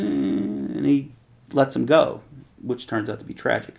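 A man with a gravelly edge to his voice leads a casual Bible teaching. He reads scripture passages aloud, then breaks them down in loose, everyday slang. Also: medium pitch, sing-song, normal speed, darkish tone, low-quality recording. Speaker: preacher.

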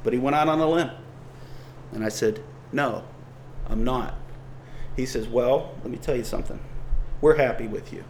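A man's voice: medium pitch, normal speed, pauses often, darkish tone, slight background noise, rough recording. A man preaching a sermon, earnest and building emphasis as he reads scripture.

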